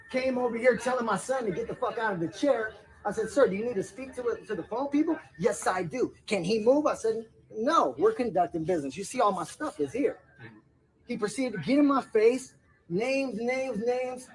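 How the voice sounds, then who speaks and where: Man, high-pitched, confrontational, insistent; repeats lines to hold his ground. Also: rough recording. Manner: firm, confrontational, repeats himself. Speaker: father in a confrontation. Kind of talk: filmed confrontation and retelling.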